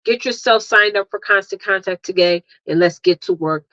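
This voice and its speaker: A chatty woman hosting a live stream talks to her viewers in a loose, lively way, laughing often and calling them honey. Her voice sits at an ordinary middle pitch. The sound is a little dull and lo-fi, close and dry. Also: normal speed, dry recording. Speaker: livestream host and marketing coach. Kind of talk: casual live chat.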